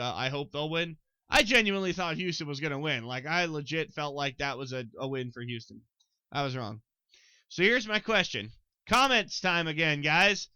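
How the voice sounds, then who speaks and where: A young man with a twang rattles through a solo sports podcast in a bright, sharp voice that sits a little high. He is excitable, talks right to his listeners and swears freely. The sound is crisp and dry, close on the mic. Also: no room sound, poor audio. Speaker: podcast host.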